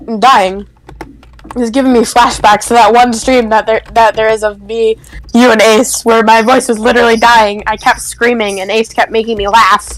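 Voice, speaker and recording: A woman's voice: fairly high pitch, rough recording. Blunt, joking young woman gamer. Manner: blunt, joking, swears freely. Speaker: streamer playing a building game. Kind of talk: casual gaming chat.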